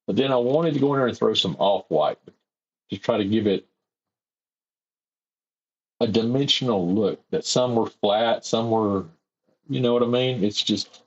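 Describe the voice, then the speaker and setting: Guy streaming from his home workshop, rambling and self-deprecating, husky voice, dull lo-fi sound. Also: lowish voice. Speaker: airbrush artist streaming his work. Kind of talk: casual livestream chat while painting.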